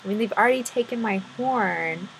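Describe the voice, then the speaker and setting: A woman's voice: on the high side, fairly quick, gravelly, a little hiss or hum, poor audio. A woman voicing a drunk, hornless male unicorn who keeps apologizing and frets over what to do next. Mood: apologetic. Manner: apologetic, flustered.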